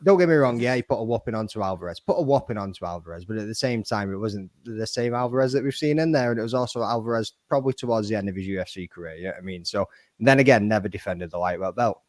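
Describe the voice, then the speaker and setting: A man's voice: on the low side, expressive, fast talker, no room sound, studio quality. A man co-hosting a casual fight-sports podcast, blunt, swearing casually and calling people mate. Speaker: podcast co-host. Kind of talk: casual MMA chat.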